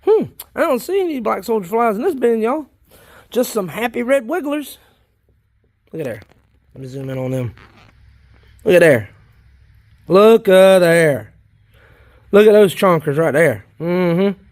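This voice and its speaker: While he films his worm bins, a worm farming vlogger from South Carolina keeps up a casual, folksy chat. He rambles and is easily excited. His voice sits high at a moderate pace, with no echo.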